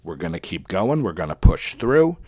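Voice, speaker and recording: A man's voice: deep voice, very animated, normal speed, darkish tone, husky, dry recording. A man casually talking through his picks for a wrestling tournament, chatty and thinking aloud as he goes. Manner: chatty, thinking aloud while picking winners. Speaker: wrestling podcast host. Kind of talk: casual solo commentary.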